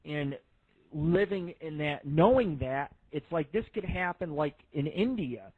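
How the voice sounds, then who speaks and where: A man's voice: fairly high pitch, lively intonation, measured pace, slightly rough, dry recording. A man in his thirties hosting a radio show, telling rambling, profane stories in a casual monologue. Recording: tinny phone-like line.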